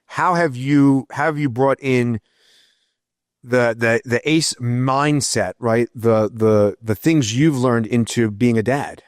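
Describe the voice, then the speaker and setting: A man's voice: medium pitch, slow, no room sound, clean studio sound. Reflective podcast host man. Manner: reflective, leans on "right?" tags. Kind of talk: casual interview chat.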